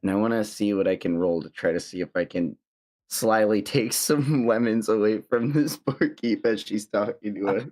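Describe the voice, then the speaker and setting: A man's voice: lowish voice, normal speed, a little mellow. A man playing a tabletop game, talking casually and laughing between hesitant phrases. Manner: laughing, hesitant, lots of fillers. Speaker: player.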